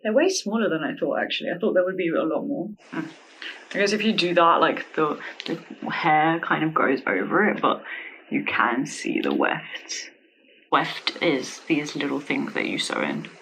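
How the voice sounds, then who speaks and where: A woman doing a casual wig unboxing review, gushing with breathy exclamations and dropping into whispers. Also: sits low, lively intonation, moderate pace, fairly bright tone, a little hiss or hum, rough recording.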